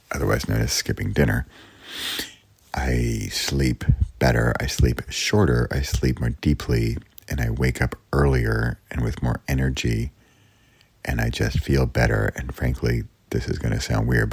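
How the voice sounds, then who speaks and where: A man's voice: very deep voice, vocal fry, slightly rough, no echo. A man hosting his own podcast, talking alone in a rambling, chatty way, often interrupting and teasing himself. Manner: playful and self-mocking. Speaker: podcast host. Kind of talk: casual solo podcast monologue.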